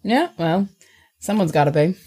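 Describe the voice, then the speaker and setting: A woman's voice: on the low side, animated, normal speed, warm tone, natural voice. Misty, a woman playing a blunt oddball. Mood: wry. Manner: dry, blunt, matter-of-fact. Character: blunt, odd young woman asking pointed questions.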